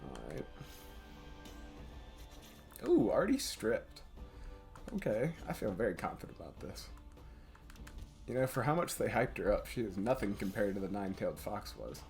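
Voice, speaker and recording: A man's voice: fairly low pitch, very animated, normal speed, pauses often, a little mellow, faint music behind. A man casually commenting on a game he plays and reading its story aloud, hyping himself up to his viewers. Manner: casual, hype, talks to viewers as boys. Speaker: let's play host.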